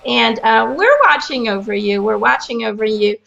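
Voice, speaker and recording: A woman's voice: on the high side, animated, moderate pace, gravelly, bright, forceful tone, exaggerated voice. A woman voicing a pushy, loving grandmother spirit who repeats her words of affection. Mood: affectionate. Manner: bossy yet affectionate, repeats herself. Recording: dull lo-fi audio.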